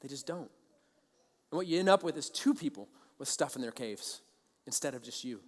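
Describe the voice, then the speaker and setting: A man preaching a sermon as a pastor, telling stories in an animated way and acting out both sides of conversations. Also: medium pitch, a little fast, in a large hall. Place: large church auditorium.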